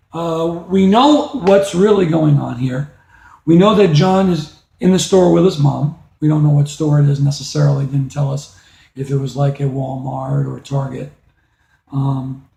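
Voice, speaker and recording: A man teaches a reading lesson, explaining patiently and asking rhetorical questions. His voice is gravelly with a mellow tone, and a little high for a man. It is recorded in an echoey room.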